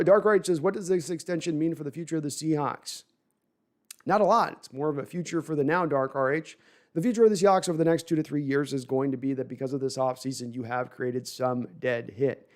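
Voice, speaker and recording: A man's voice: on the high side, fairly quick, darkish tone. A man hosting a live sports podcast, talking at length and reading chat comments, often repeating words as he restarts sentences.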